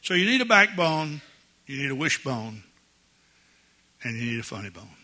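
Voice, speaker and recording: An older male pastor delivers a folksy, jovial sermon, chuckling as he goes. His voice is sharp and bright yet husky and breathy. He speaks from a church sanctuary. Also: mid-range voice, sing-song, moderate pace.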